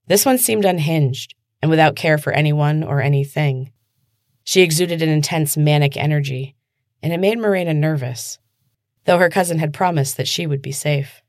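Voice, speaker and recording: A woman podcast host reading her own fantasy fiction aloud in a measured, even storytelling manner. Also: low-pitched, dry recording, clean studio sound. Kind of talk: scripted narration of a fantasy story.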